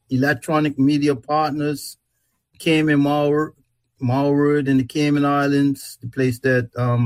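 Relaxed man hosting a radio talk show. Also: a little high, no echo, rough recording. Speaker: host.

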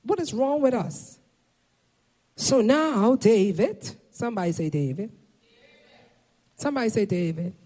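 A woman preaching a fervent sermon to a congregation, shouting at peaks and calling for responses, filmed for a camera. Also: on the high side, lively intonation, a little slow, pauses often. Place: church or meeting hall. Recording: long hall reverb.

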